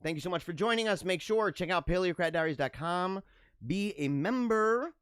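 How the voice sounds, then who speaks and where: A man's voice: sits high, lively intonation, moderate pace, fairly bright tone, clean tone, no room sound, studio quality. A man hosting his own talk show, reading jokes aloud and reacting with sarcastic, joking commentary and frequent laughter. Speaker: podcast host.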